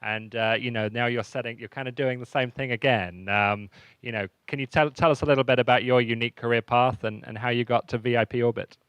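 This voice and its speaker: A man's voice: medium pitch, steady tone, a little fast, fairly bright tone, clear, resonant tone, dry recording. A man moderating a panel, asking questions with hesitant fillers. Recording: dry, slightly dull lo-fi sound.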